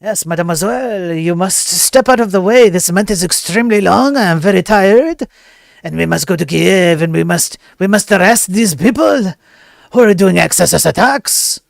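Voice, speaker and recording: A man voicing a weary, pompous male police officer in a comic mock-French accent, speaking slowly. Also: high voice, expressive, creaky, no echo, studio quality.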